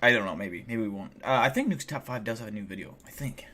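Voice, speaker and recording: A man's voice: lowish voice, quick pace, bright, forceful tone. A man live streaming, telling a story in a casual, rambling way, swearing a lot and filling his talk with "like". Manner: rambling and heavily profane, many fillers like "like".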